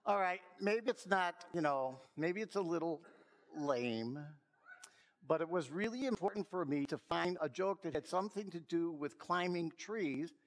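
A pastor giving a sermon, opening with a joke and telling it in an easygoing storyteller's way before turning to a Bible story. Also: male voice, on the high side, expressive, measured pace. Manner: storytelling, gently self-mocking.

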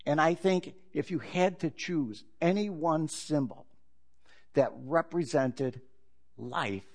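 A male pastor delivers a sermon in a relaxed, conversational way, leaning on jokes and stories. His voice sits a little higher than most men's. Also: slow pace.

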